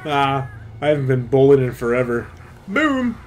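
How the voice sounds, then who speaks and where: A young man giving loud, swearing live commentary while playing a video game, often shouting at it. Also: mid-range voice, big pitch swings, a little slow, slight background noise. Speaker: gameplay streamer. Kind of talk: live let's-play commentary.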